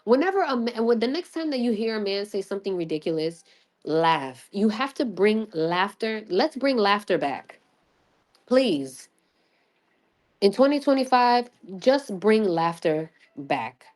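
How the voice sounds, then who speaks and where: A woman hosting a casual livestream, excitable and rambling, swearing freely and laughing often, with many restarts. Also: medium pitch, unhurried. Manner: rambling with frequent restarts and fillers. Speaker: livestream host.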